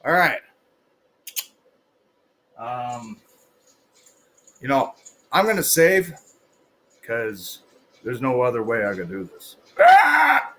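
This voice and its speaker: A man freestyling rambling rhymes while playing a video game, with sudden shouted bursts and a hoarse, worn voice. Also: mid-range voice, takes it slowly, long pauses, a little hiss or hum. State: hoarse, losing his voice. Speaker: gaming streamer. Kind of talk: let's-play commentary with freestyle rapping.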